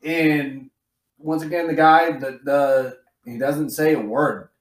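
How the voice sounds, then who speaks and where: A man's voice: a little high, slow, reverberant. A man co-hosting a podcast who chats casually and profanely. He retells scenes with energy and jumps into quoted voices. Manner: animated storyteller, acts out quotes in a raised voice. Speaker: podcast co-host.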